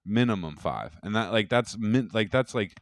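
A man's voice: lowish voice, animated, normal speed, no echo, studio quality. A man co-hosting a podcast, telling rambling, profane, boastful stories about doing stand-up. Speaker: podcast co-host and stand-up comic. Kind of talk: casual podcast chat.

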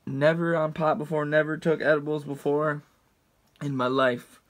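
A man in his twenties talks straight to the camera and tells a long, profane story in a loose, rambling way, circling back and restarting. His voice sits a little high for a man. He swears constantly and jumps into quoted voices as he goes. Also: fairly even intonation, normal speed. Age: 20s. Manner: acts out quotes with big pitch jumps. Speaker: storyteller vlogger.

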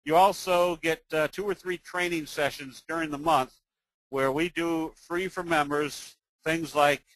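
Folksy male webinar presenter, slightly high voice, dry close mic, salesy delivery. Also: fairly even intonation, measured pace, a bit bright, no room sound, poor audio. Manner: folksy, tells jokes, sales pitch.

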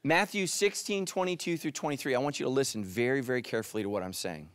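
A man preaching a sermon as pastor, animated and speaking straight to his listeners. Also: mid-range voice, fast, hardly any pauses. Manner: animated, addresses listeners directly.

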